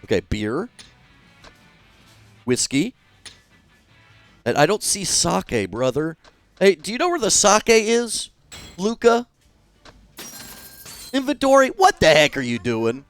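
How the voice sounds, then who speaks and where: A young man streaming a game, chatting casually in an animated, jokey way, swearing freely and breaking into sudden loud outbursts. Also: sits high, takes it slowly, long pauses, clean tone, soft background music.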